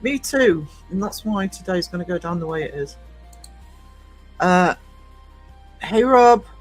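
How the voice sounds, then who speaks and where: A man's voice: sits high, lively intonation, a little slow, faint music behind, rough recording. A man hosting a casual live stream, chatting and greeting viewers by name, with a cough now and then.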